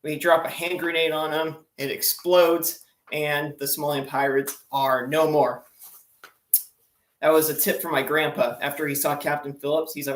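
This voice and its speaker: A man's voice: on the high side, little pitch movement, normal speed, a bit bright. A young man telling rambling sea-story jokes as a stand-up comedian, with lots of fillers. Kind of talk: joke-telling sea stories. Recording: echoey room.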